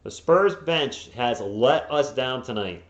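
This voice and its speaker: A man calls the game play-by-play for his stream, siding openly with one team. His voice sits at an ordinary pitch and breaks into frustrated yelling when plays go wrong. The recording is roomy and echoey, with a dull, lo-fi tone. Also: lively intonation, slow. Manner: partisan, bursts into frustrated yelling at players. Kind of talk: live play-by-play commentary. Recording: echoey, dull lo-fi home mic.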